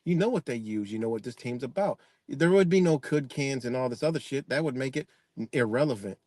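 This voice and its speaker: A man's voice: mid-range voice, animated, brisk, a little mellow, dry recording. A man streaming live, delivering a rambling, profanity-laced rant in casual talk while reacting to chat comments.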